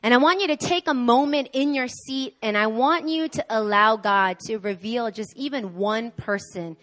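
A woman with a somewhat high voice gives a sermon at a church service. She preaches in a lively, animated way and acts out the voices of the people she quotes. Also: moderate pace. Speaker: guest preacher.

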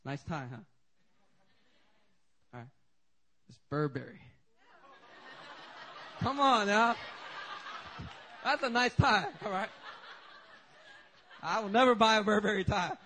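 A man preaching at a church service, his voice sitting fairly high. He tells stories with lively humor and an easygoing, animated delivery. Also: slow, long pauses, a little hiss or hum. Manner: animated, joking storytelling. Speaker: pastor. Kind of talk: sermon.

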